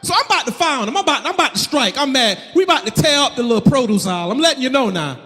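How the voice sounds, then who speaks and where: Male comic, 30s, loud and animated, high pitch, live stage set with hall echo. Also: very fast. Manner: loud, shouting, animated storytelling. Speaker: stand-up comedian. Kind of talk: live stand-up comedy. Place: comedy stage in Miami.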